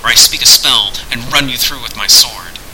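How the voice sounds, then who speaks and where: A man's voice: mid-range voice, normal speed, sharp tone, a little hiss or hum, poor audio. A man playing a sly defiant wizard-thief. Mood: commanding. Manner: commanding, sly.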